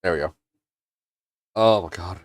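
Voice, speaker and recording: A man's voice: sits low, measured pace, no room sound, studio quality. A man hosting a casual livestream from his home workshop, earnest and emotional, often restarting his sentences. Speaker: livestream host and maker.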